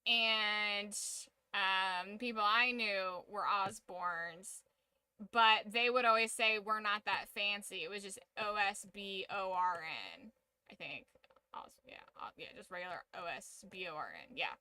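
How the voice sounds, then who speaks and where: A woman's voice: mid-range voice, measured pace, sharp tone, clean tone, no echo. A woman streaming a game, chatting casually with rambling, joking, opinionated asides. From United States. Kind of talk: casual chat while gaming on stream.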